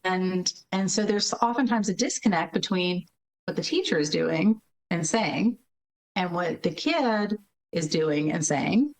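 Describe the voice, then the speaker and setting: A woman interview guest who directs a learning center, explaining in lively casual talk, acting out children and checking in with tag questions. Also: on the low side, unhurried, poor audio. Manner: animated, acts out children's reading with voices; frequent tag questions, laughs while explaining.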